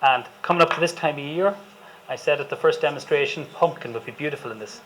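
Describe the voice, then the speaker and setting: A man's voice: on the high side, fast talker, fairly bright tone, a little hiss or hum, rough recording. A man with an Irish accent, a chef giving a chatty, enthusiastic live cooking demonstration to an audience and joking with them as he goes. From Ireland.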